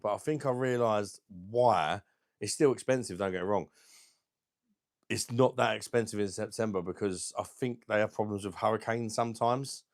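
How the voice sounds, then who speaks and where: A man hosting a live stream, chatting casually and bluntly with viewers, crude and quick to laugh at his own jokes. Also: fairly low pitch, no room sound, studio quality. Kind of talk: casual live chat reading viewer comments.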